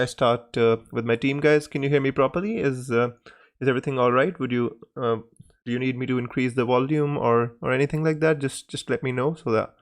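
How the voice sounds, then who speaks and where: A man hosting a casual live stream Q&A, greeting viewers by name and talking in a hesitant, pausing way. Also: mid-range voice.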